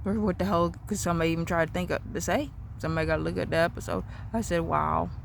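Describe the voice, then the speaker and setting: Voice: mid-range voice, steady tone, fast talker, gravelly, noisy background. Rambling, repetitive outdoor monologue. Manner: rambling, repetitive, free-associating. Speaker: vlogger. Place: outdoors in a backyard.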